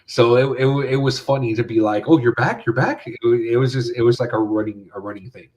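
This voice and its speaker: A man's voice: medium pitch, steady tone, a little fast, a little mellow. A man co-hosting a podcast in loose casual chat, rambling with restarts and swearing. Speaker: podcast co-host.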